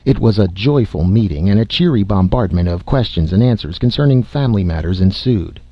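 A man narrating a story in a measured, dramatic reading style, in a slightly dull lo-fi recording. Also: on the low side, lively intonation, no room sound.

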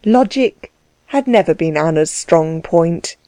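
A woman narrating a novel as an audiobook reader, in a measured, even reading style. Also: on the low side, no echo. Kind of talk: scripted narration.

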